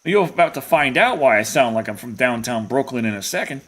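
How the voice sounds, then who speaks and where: A man's voice: mid-range voice, animated, fairly quick, a bit bright. A young adult man streaming a hunting game, rambling and jokey in casual commentary.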